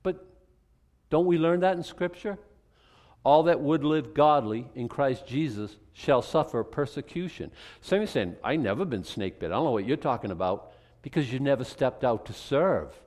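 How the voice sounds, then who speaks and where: A man's voice: medium pitch, lively intonation, normal speed, darkish tone. A male pastor preaches in a loose, conversational way, cracking jokes and rambling between points. His voice sits in an ordinary mid range. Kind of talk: sermon.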